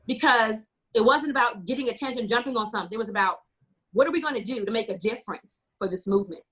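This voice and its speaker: Speaking quickly in a husky, fairly bright, higher-pitched voice, an American community organizer passionately shares stories during a panel discussion, acting out quoted dialogue.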